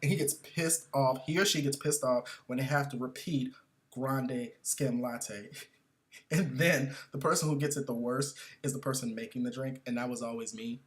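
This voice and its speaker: A man telling comic stories in an animated, profane, mocking rant about customers. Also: medium pitch, moderate pace. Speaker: comedian. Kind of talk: comedic storytelling rant.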